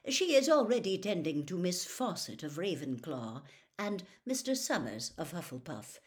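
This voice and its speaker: Woman reads kindly old male wizard, deep and amused, storybook. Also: sing-song, normal speed, a little mellow.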